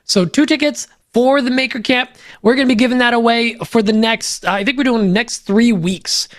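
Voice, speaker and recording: A man's voice: extremely high pitch, fairly quick, no room sound, studio quality. A man co-hosting a podcast, reading sponsor spots in an upbeat, joking way, loose with fillers; a native Polish speaker. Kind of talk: casual ad read on a podcast.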